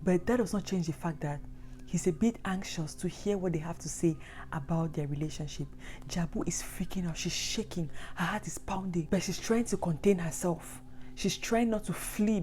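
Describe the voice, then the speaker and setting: A woman's voice: lowish voice, fairly quick, mellow. A woman narrating a true story with dramatic, repetitive emphasis. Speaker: storyteller host.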